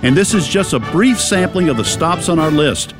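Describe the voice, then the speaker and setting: A man with a thick Boston accent pitches a tour in a chatty, upbeat radio promo. His voice sits a bit high and swings around a lot, with music playing clearly underneath. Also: lively intonation, normal speed. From Boston, United States. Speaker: radio co-host.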